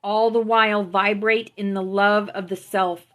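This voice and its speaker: A woman hosting a spiritual live stream, gently affirming her viewers and reading out teachings through a phone mic. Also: medium pitch, flat delivery, measured pace. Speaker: spiritual livestream host. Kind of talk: spiritual livestream talk to viewers.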